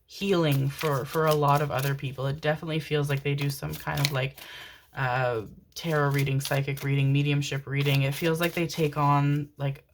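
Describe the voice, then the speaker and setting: A woman's voice: sits low, flat delivery, moderate pace, noisy background. A woman doing a pick-a-card tarot reading, gushing and affectionate, calling listeners her darlings and rambling with many fillers. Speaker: tarot reader.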